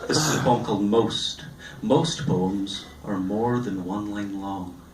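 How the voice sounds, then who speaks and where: An eighteen-year-old man doing a stand-up comedy set on a club stage, delivering deadpan one-liners with pauses. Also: fairly low pitch, very noisy. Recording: roomy live club sound from a distance.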